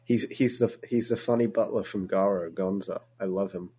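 A man co-hosting a podcast, chatting in a relaxed way and laughing often. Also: fairly low pitch, normal speed, husky. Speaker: podcast co-host. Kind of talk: casual chat.

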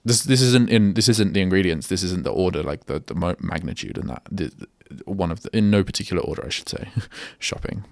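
In a radio studio, a young man runs a solo show, chatting and rambling casually in a deep, creaky, slightly mellow voice. He talks fast with hardly any pauses and often breaks off mid-sentence. The recording is dry.

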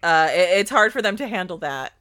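Female co-host, bright tone, dry close mic, lively storyteller. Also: on the low side, brisk, no room sound. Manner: expressive, laughs while telling stories. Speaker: podcast co-host. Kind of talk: casual movie review chat.

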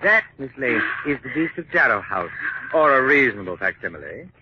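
A man's voice: medium pitch, very animated, a little fast, close to an everyday voice. An actor playing a scheming male swindler in a 1940s radio drama, speaking theatrically. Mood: smug. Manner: theatrical, sly then frantic. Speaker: villain. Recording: dull old radio broadcast with hiss.

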